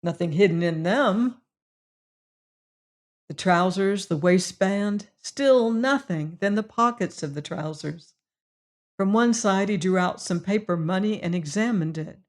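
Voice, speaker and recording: Slow, measured woman audiobook narrator. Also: mid-range voice. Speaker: audiobook reader.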